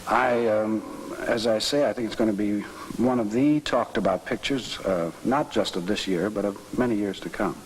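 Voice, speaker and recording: Measured, hesitant male actor. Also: on the low side, a little hiss or hum, low-quality recording. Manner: measured, thoughtful, many hesitations. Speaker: actor being interviewed. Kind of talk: casual interview answers.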